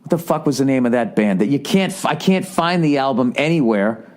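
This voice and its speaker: A man's voice: mid-range voice, lively intonation, fairly quick, darkish tone. A man in his late forties with a Boston accent, telling a story in a rambling, profane way on his podcast. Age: 40s. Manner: rambling, profane, self-interrupting. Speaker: podcast host. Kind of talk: casual storytelling monologue.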